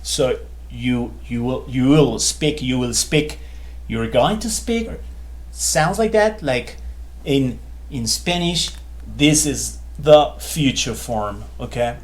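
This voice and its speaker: A man's voice: medium pitch, lively intonation, takes it slowly. A man teaching a beginner Spanish grammar lesson in a chatty, loose way, full of fillers and repeated phrases. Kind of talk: casual whiteboard lesson.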